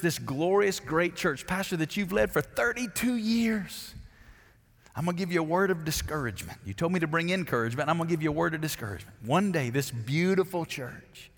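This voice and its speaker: In a large hall, a middle-aged pastor delivers a sermon, his high voice alternating between loud, emphatic declarations and hushed, intimate asides.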